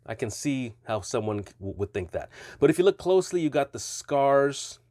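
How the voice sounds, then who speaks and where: A man's voice: medium pitch, big pitch swings, normal speed, darkish tone, dry recording, studio quality. A man casually reviewing stretchy toy figures, chatty and rambling, often correcting himself mid-sentence.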